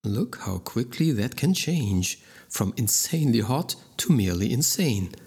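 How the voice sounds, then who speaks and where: Brief: measured male audiobook reader, slow, husky. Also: medium pitch, very animated, darkish tone. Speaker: audiobook narrator. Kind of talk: audiobook narration.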